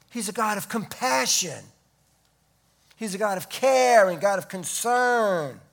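A man preaching a sermon, stressing key words loudly and dropping to hushed asides. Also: high-pitched. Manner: emphatic, swinging between loud stresses and hushed asides. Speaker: pastor.

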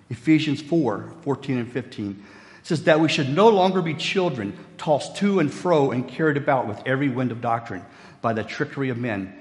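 A man's voice: medium pitch, in a large hall. A middle-aged man from Virginia, preaching a sermon in a folksy storytelling way with jokey asides. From West Virginia, USA. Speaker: pastor.

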